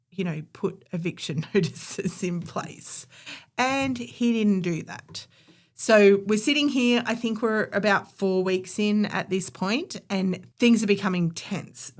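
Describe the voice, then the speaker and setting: A woman, co-hosting a podcast and telling a history story in a chatty, opinionated way. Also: mid-range voice. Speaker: podcast co-host. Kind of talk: casual storytelling chat.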